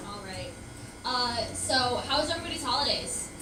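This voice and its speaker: Soft-spoken woman comic in a roomy club. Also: on the high side, lively intonation, normal speed. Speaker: stand-up comedian. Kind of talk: stand-up set. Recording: distant, echoey club recording with noise.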